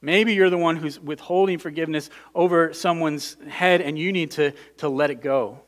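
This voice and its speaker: Male pastor preaching, earnest and repetitive, a touch high-pitched. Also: normal speed. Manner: earnest, repeats words, builds to emphatic peaks. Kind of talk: sermon.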